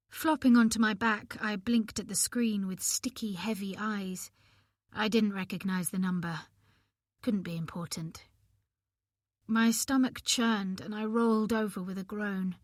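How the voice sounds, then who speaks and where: A woman narrating an audiobook in the first person, reading in an expressive, measured way. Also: medium pitch, no room sound, studio quality.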